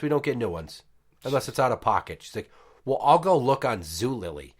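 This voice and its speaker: A man's voice: medium pitch, fairly quick, breathy edge. Man, thirties, podcast host, swearing storyteller, voices other people in the story. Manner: profane, animated, acts out quotes. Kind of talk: casual storytelling.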